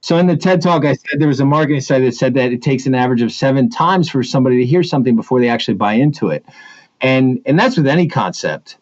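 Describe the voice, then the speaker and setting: A man talking casually as an interview guest and working through school stories with lots of false starts and restarts. He has a middle-pitched voice, and the sound is slightly dull and lo-fi. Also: quick pace. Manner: animated storyteller with many restarts. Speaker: assistant principal, guest.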